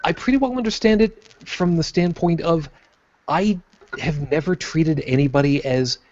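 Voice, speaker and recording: A man's voice: fairly high pitch, expressive, darkish tone, no room sound. A man hosting a podcast reads through viewer questions, stopping often with "uh." His voice is dry, with no room sound, and it comes over a dull, lo-fi call. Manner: halting, many "uh" fillers. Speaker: podcast host. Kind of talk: casual chat, reading viewer questions.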